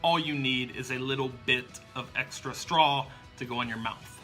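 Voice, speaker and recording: Bright-voiced man teaching magic tricks. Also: mid-range voice, moderate pace, soft background music. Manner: upbeat, step-by-step explaining. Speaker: magic tutorial host. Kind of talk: instructional demonstration.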